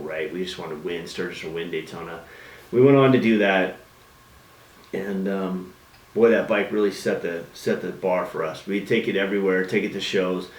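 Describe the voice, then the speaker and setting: A man telling a lively story about his early days building custom bikes, acting out voices and engine noises in casual chat. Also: low voice, roomy sound, distant mic, poor audio.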